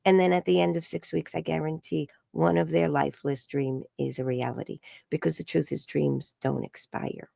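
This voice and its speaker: A woman, an energy healer and psychic, telling a story in an interview and acting out the quoted dialogue in a higher voice. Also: level tone, moderate pace, vocal fry, hardly any pauses, no echo, studio quality. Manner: acts out quoted dialogue with high bright voices.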